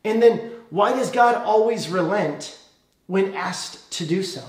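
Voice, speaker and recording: A man with a fairly high voice gives a sermon, retelling the story casually and checking in with the congregation as he goes. His voice rings around an echoey room. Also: slow. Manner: conversational, asks the congregation "okay?" often. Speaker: preacher.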